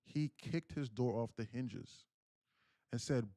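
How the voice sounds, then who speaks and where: A young new guy hosts a day trading livestream, speaking slowly at mid pitch in a loose, slangy way with frequent fillers. He's an emotional storyteller who loudly acts out quoted pleas. The recording is bone-dry.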